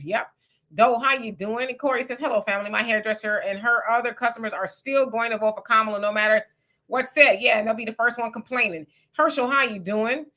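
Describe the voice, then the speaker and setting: Sassy chatty woman, bright voice. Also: on the high side. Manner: chatty, reads comments aloud, sassy asides. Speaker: livestream co-host reading viewer comments. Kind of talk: casual livestream chat.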